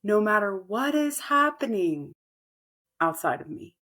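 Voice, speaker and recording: A woman co-hosting a podcast, calmly explaining spiritual ideas and acting out inner dialogue. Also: medium pitch, measured pace. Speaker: podcast co-host. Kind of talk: casual spiritual chat.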